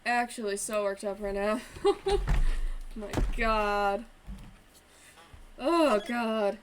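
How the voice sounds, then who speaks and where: A woman's voice: medium pitch, expressive, very slow, background noise. A woman streaming a game live, worked up and swearing as she chats. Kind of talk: casual live-stream gaming chat. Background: game music.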